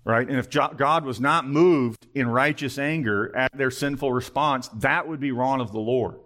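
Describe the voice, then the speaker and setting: A man's voice: medium pitch, normal speed, a bit bright. A male pastor preaching an earnest sermon, full of pointed rhetorical questions.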